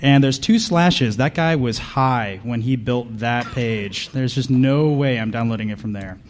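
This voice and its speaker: A man giving a comedic conference talk, deadpan and sarcastic, bantering with the audience from the stage. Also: medium pitch, unhurried, slight background noise. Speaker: conference speaker.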